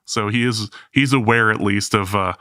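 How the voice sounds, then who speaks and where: Podcast host, male, bright voice, dry close sound, wry and halting delivery. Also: fairly low pitch, smooth, no room sound. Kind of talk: casual chat.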